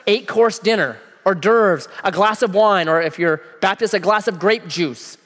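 A man preaching a sermon in a casual, animated way, using slang and asking the listeners questions. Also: high-pitched, moderate pace, hardly any pauses. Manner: animated, acts out voices of people in the story. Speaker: pastor. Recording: long hall reverb.

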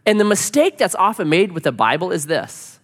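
A man preaching a sermon, telling a story with lively quoted voices. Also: sits high, a little fast. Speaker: pastor. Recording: reverberant hall.

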